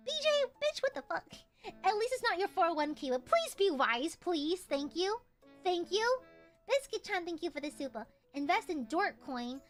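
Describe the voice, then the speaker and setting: A young woman streams and chats casually with her chat, swearing freely and squealing whenever she gets excited. Her voice is very high.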